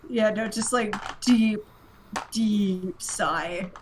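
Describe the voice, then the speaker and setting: A woman's voice: medium pitch, extremely slow, background noise. A woman playing a tabletop game, describing her character's reactions casually with many fillers. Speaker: player.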